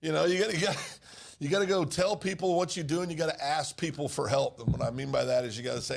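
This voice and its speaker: Brief: man, mid-pitched gravelly voice, casual business co-host, laughs often. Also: steady tone, fast.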